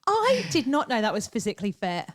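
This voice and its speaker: A woman with an English accent, co-hosting a podcast in casual chat and telling animated stories with quoted asides. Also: on the high side, a little fast, no room sound, studio quality. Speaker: podcast co-host.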